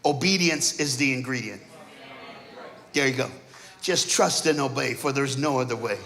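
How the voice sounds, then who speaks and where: A man preaching a sermon in a church, telling stories dramatically and acting out the characters, swinging between shouting and hushed asides. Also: mid-range voice, moderate pace, gravelly. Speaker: guest preacher. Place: church auditorium. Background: keyboard music.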